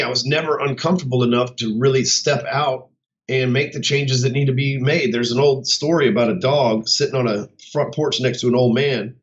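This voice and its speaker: A man talking off the cuff in his office, blunt, profane and swaggering. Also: medium pitch. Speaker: host of his own show. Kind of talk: casual unscripted monologue. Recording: dull muffled sound.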